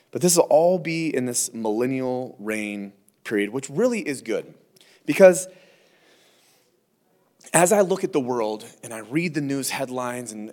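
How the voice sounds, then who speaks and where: A middle-aged man preaching a verse-by-verse sermon, a mid-pitched voice that stays conversational. He is animated, slips in playful asides and briefly acts out quotes before returning to the text. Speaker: pastor.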